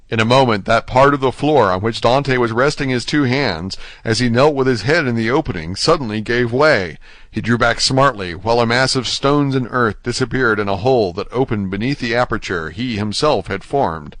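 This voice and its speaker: A man narrating a classic novel as an audiobook, in a steady, even storytelling manner. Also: lowish voice, normal speed, dry recording. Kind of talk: scripted narration.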